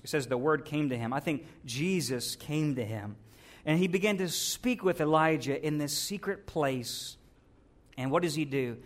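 A man preaching a sermon to a congregation, animated, acting out quoted prayers and complaints in different voices. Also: sits high. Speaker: pastor.

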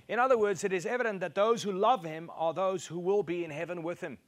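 Male preacher, fairly high voice, emphatic and repetitive in delivery. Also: fast talker, few pauses. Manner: emphatic, repeats key phrases, rises in pitch to stress points. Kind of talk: sermon.

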